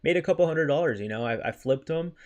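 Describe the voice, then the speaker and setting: A man's voice: fairly high pitch, lively intonation, fast. A man hosting a casual crypto livestream, heated and repetitive. He keeps tossing in "right?" and "freaking" as he talks through viewer chat. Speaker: crypto channel host.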